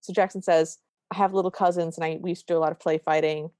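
A woman's voice: fairly low pitch, fast talker, smooth, no room sound, studio quality. A woman co-hosting a podcast, retelling a movie scene by scene in casual chat and acting out the characters' lines. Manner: animated retelling with quoted lines. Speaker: podcast co-host.

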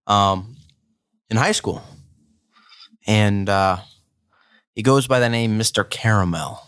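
A man's voice: fairly low pitch, a bit bright, clear, resonant tone, no room sound, clean studio sound. Man telling a joking anecdote. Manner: joking anecdotes, halting restarts. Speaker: podcast co-host. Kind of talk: casual storytelling chat.

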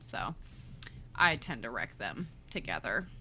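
A woman's voice: extremely low pitch, big pitch swings, a little slow, pushed and bright, a little hiss or hum. A woman co-hosting a book podcast in casual chat, gushing and laughing often. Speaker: podcast co-host.

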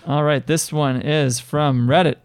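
A man's voice: a little high, fairly even intonation, unhurried, a little hiss or hum. A young man co-hosting a podcast, easygoing and joking as he reads questions aloud. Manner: easygoing, joking, laughs often. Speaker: podcast co-host. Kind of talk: casual banter.

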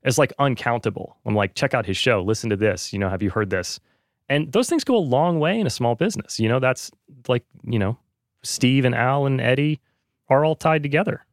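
A man's voice: medium pitch, animated, a little fast, no echo, studio quality. A man in casual podcast conversation, talking earnestly with lots of fillers. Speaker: podcast host, guest.

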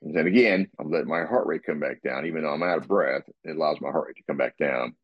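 Very deep husky man, rambling. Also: fast talker, no room sound, muffled recording. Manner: rambling, with repeated restarts and throat clearing. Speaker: guest describing his workout. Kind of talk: casual podcast talk.

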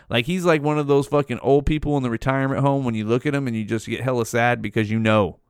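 Young male podcast host, casual sweary monologue, clear tone, no room sound. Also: medium pitch, fairly quick, no room sound, studio quality. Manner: profane, rambling, says "dude" constantly.

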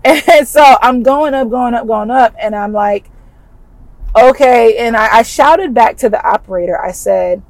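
A woman podcast host tells a personal story in an animated, emphatic, chatty way. Her voice sits somewhat high for a woman. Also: normal speed, hardly any pauses, no room sound, low-quality recording.

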